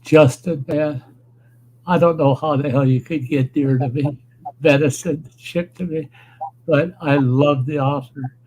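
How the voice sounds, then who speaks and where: Guy hosting his stream, cussing and rambling through stories, kinda higher voice. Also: unhurried, a little hiss or hum, poor audio. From northern Wisconsin. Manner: profane, rambling, animated storyteller. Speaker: livestream host. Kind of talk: casual storytelling chat.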